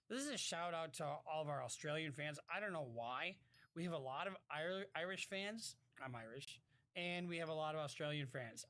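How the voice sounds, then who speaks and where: A man's voice: fairly high pitch, pushed and bright. A man giving casual live-stream commentary and reading out viewer messages, blunt and swearing freely, often stopping and restarting his sentences.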